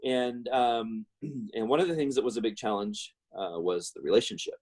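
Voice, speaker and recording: Husky man telling a personal story. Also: mid-range voice, moderate pace, a little mellow. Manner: rambling, many fillers and restarts. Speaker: guest speaker.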